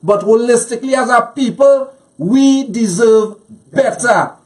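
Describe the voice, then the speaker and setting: A man's voice: extremely high pitch, measured pace, darkish tone. A man with a Trinidadian accent, a guest on a political talk show, speaking angrily and emphatically and repeating phrases to drive his points home.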